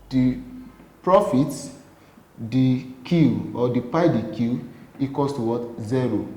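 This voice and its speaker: A man's voice: medium pitch, warm tone. A man teaching an economics lesson, often asking a question and then answering it himself. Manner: asks rhetorical questions and answers them himself. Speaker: economics tutor. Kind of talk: classroom lecture. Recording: echoey room with long reverb.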